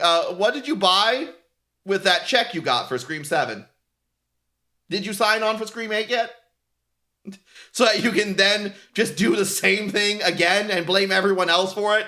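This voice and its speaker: High, bright-voiced swearing male streamer. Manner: profane, laughing often, mock-quoting others. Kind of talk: casual ranting commentary.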